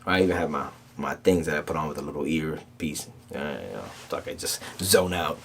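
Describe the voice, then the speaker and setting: With slight background noise behind him, a man with a very deep voice and vocal fry talks a little fast. As a motivational podcast host, he shares animated, streetwise stories in a casual, loose way, repeatedly checking in with "right?"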